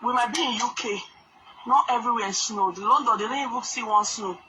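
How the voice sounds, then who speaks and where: A woman's voice: a little high, fast. Aggrieved woman with a raised voice, venting and cursing outdoors, noisy phone audio. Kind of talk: venting to camera in a live video. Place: outdoors in the snow.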